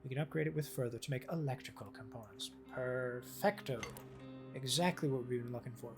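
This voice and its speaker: A man chats his way through a game stream, swearing freely and working problems out aloud. His voice has a rough, gravelly texture at an ordinary pitch. Game music runs clearly beneath him. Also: fast. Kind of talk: casual gameplay commentary. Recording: game music playing behind.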